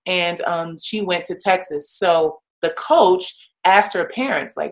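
A retired pro athlete who now coaches tells a story casually and slowly, peppering it with "like" and "you know." She's animated, acting out other people's voices with big jumps in pitch, though the recording is rough.

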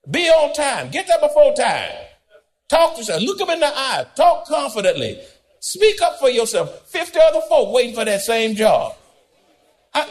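A male pastor delivers a sermon in a high, lively voice that leaps up and drops low. He talks straight to the congregation in a folksy, conversational way and breaks into the odd shout. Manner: animated preaching, swooping between high and low, occasional shouts.

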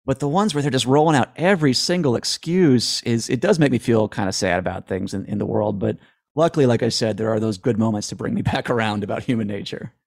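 A man's voice: mid-range voice, quick pace, gravelly, dry recording, clean studio sound. A man answering interview questions in a rambling, self-deprecating way, often restarting his sentences. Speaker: guest.

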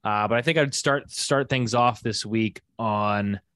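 A man from Canada hosts a casual finance podcast, with lots of fillers and restarts. His voice sits fairly low. The sound is dry and close. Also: a little slow, fairly bright tone, clear, resonant tone, no echo. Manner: loose, many fillers and restarts. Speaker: podcast host. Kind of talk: casual podcast chat and ad read.

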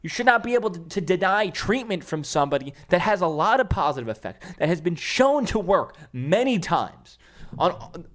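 A young man with a New York accent, hosting a podcast and ranting in a heated, profane, combative way, with bursts of shouting. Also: high voice. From Staten Island, New York. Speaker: podcast host. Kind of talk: opinionated podcast rant.

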